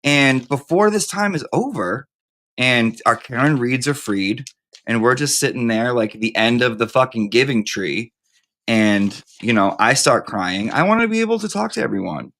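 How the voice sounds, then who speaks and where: A man's voice: mid-range voice, animated, normal speed, a bit bright. Brief: male live-stream host, loose campy chat, foul-mouthed and rambling.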